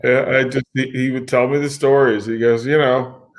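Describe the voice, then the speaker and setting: A man co-hosting a casual talk show, relaxed and repeating words as he starts a thought. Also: mid-range voice, normal speed. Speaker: podcast co-host. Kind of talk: casual chat.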